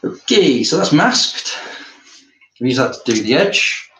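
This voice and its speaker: A man's voice: mid-range voice, sing-song, a little slow. Wry man chatting in a studio. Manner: chatty, wry, jokey asides. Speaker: artist. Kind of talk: casual talk while working. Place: art studio. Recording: roomy studio, faint noise.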